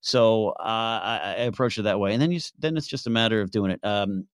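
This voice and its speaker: Low-voiced man, halting and thoughtful. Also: no echo, studio quality. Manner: hesitant, many fillers and restarts. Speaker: podcast guest, author. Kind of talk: casual interview answers.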